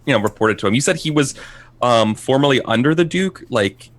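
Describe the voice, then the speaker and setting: A man's voice: mid-range voice, animated, brisk. A man playing a tabletop role-playing game and casually asking questions. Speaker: player.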